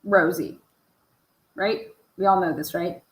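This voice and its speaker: A woman's voice: on the low side, fairly even intonation, takes it slowly, reverberant, low-quality recording. A woman giving casual true crime commentary over case footage. She swears freely and fires off pointed rhetorical questions. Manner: profane, rhetorical, asks many pointed questions.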